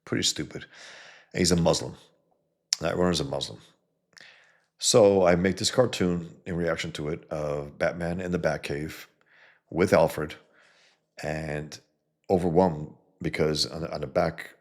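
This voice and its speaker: A man's voice: fairly even intonation, a little slow, long pauses. A man hosting his own video, talking casually and bluntly to viewers about comics, with many fillers and restarts. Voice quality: gravelly, husky low voice. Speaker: comic book creator and video host. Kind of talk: casual rambling talk to viewers.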